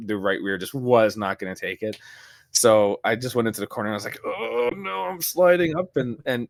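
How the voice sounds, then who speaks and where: A man co-hosting a podcast in casual chat, telling stories in an animated way with lots of restarts and fillers. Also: lowish voice, no echo, clean studio sound. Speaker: podcast co-host.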